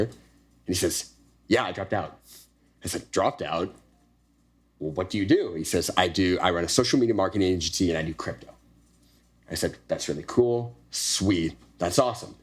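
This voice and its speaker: A young man hosting a podcast, telling a personal story in a casual, animated way and acting out the dialogue with frequent swearing. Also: low voice, husky. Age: young adult. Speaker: podcast host. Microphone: podcast studio microphone.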